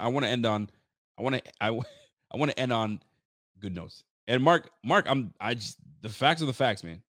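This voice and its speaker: A man's voice: lowish voice, no echo, studio quality. A young man hosting a live fan podcast, venting bluntly and swearing freely as he reads out viewer comments. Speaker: podcast host.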